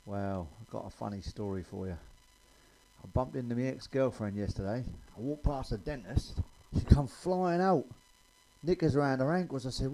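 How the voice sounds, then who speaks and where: A man's voice: medium pitch, dark tone, a little hiss or hum, low-quality recording. A man telling blunt, sweary stand-up jokes in a chatty way. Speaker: stand-up comedian.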